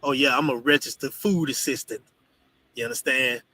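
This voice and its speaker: A man teaching a congregation in an animated, profane, storytelling preaching style. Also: mid-range voice, moderate pace, low-quality recording. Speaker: religious teacher.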